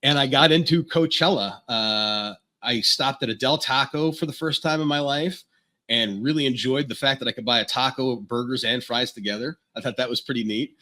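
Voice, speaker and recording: Bright-voiced man telling a rambling story. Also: mid-range voice, moderate pace. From Florida. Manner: rambling, frank, restarts mid-sentence. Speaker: podcast guest. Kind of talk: casual storytelling.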